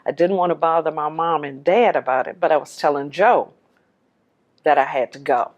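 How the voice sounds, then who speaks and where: A woman telling her own life story in a lively, animated way, acting out the voices in the dialogue she recounts. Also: low-pitched, normal speed, highs cut off. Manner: laughs while telling. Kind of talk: personal storytelling.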